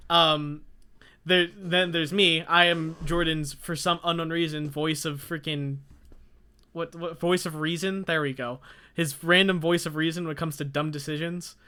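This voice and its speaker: A young man co-hosting a podcast, telling animated stories in casual chat and teasing his friend. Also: a little high, moderate pace, smooth. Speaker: podcast co-host.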